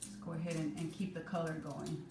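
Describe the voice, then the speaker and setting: A woman's voice: low-pitched, flat delivery, fairly quick, a little mellow. A middle-aged woman hosting a casual live cooking class from her home kitchen, chatting with viewers by name and teasing herself. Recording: echoey room, mic at a distance, noisy.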